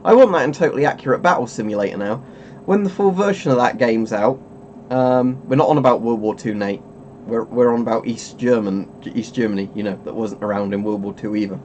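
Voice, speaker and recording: A man's voice: mid-range voice, fairly quick, darkish tone, muffled recording, slight background noise. Rambling man chatting on stream. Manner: rambling, chuckling, self-interrupting. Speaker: streamer host. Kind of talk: casual webcam stream chat.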